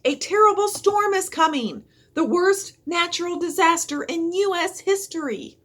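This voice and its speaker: A woman voicing a young boy trying to sound calm as he warns people of a storm. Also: medium pitch, measured pace. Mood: shouting.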